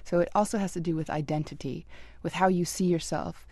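Academic guest, woman, calm and reasoned, lowish voice, dry sound. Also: fairly quick, no room sound. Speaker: professor guest. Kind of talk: explanatory interview talk.

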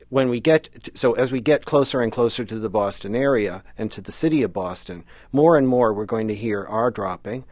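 A man's voice: medium pitch, no echo. A man from Massachusetts, a linguistics professor, explaining patiently as a radio guest, with frequent fillers. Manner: steady explanatory, with many "uh" fillers.

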